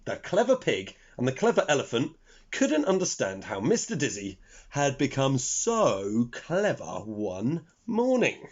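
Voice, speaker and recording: A man reading a children's story aloud, expressive and speaking to young listeners. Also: medium pitch. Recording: dull lo-fi recording.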